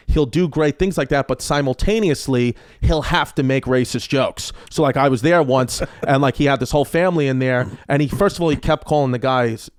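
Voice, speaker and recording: A man in his thirties, a comedian guest on a podcast, telling stories in a casual, animated and profane way. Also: mid-range voice, no echo, studio quality. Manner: animated, profane, loose with fillers. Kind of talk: casual storytelling.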